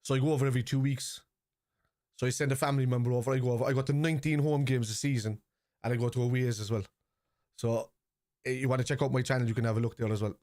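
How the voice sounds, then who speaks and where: A man with a Cork Irish accent, streaming a live football watchalong, chatting casually and shouting at the referee and players. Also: mid-range voice, dry recording, clean studio sound. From Ireland. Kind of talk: live match reaction chat.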